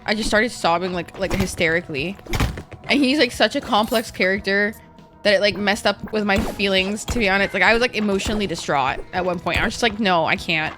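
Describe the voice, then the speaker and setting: A woman's voice: mid-range voice, a little fast, fairly bright tone, soft background music. A woman streamer chatting casually while gaming, rambling and emotional, with lots of "like" and swearing.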